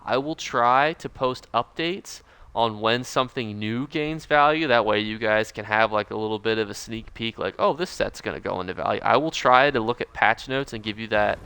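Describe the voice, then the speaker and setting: A man's voice: medium pitch, normal speed, pushed and bright, clean tone, dry recording. A man hosting his own gaming channel, talking through a game money guide in a chatty, upbeat, rambling way. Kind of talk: casual game guide commentary.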